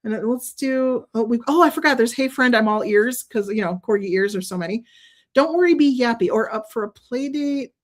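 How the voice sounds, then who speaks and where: Fairly high-pitched and brisk, the card-making host talks through her craft demo in a casual, gushing way. She laughs often, thinks aloud as she works, and is openly emotional.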